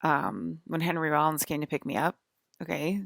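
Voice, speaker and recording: A woman's voice: sits low, steady tone, normal speed, vocal fry, fairly bright tone, no echo, clean studio sound. A woman rambling in an agitated monologue to her viewers, full of "like" fillers and swearing. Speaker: vlogger.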